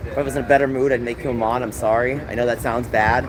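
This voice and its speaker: A man's voice: mid-range voice, steady tone, fast talker, a crowd in the background, rough recording. An exhausted man hosting a live stream, venting emotionally and apologizing to his chat. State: tearful. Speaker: livestream host. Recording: loud outdoor background noise.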